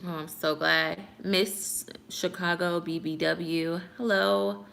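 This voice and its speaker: A woman's voice: lowish voice, steady tone, drawn-out words, vocal fry, pauses often, fairly bright tone. A young woman vlogger chatting earnestly with her viewers at home, answering comments with a preachy edge. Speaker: YouTube vlogger. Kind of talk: casual chat answering comments. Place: apartment at home.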